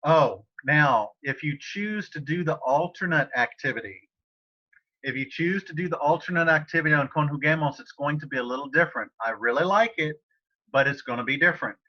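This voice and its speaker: Talking a little fast in a fairly high voice, a male Spanish teacher encourages his online students by name in a relaxed manner. The class runs over a video call, picked up by a computer mic with slightly dull audio.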